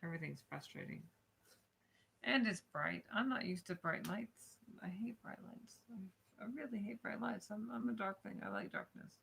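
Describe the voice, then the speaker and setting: A woman's voice: medium pitch, normal speed, gravelly, fairly bright tone, slight background noise. A woman streaming live, grumbling in frustration and swearing in casual chat before reading a book aloud.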